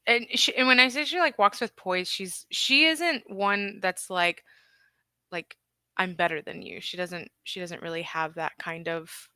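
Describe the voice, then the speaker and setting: A woman's voice: medium pitch, unhurried, sharp tone, clear, resonant tone, no room sound, clean studio sound. A woman describing her character in a tabletop game, hesitant and searching for words. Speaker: player.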